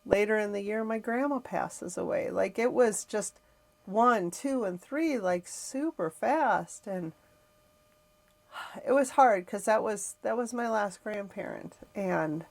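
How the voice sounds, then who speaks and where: A woman's voice: medium pitch, takes it slowly, gravelly, darkish tone. A middle-aged woman hosting a podcast, telling a personal family story in a reflective, emotional way with frequent sighs. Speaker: podcast host.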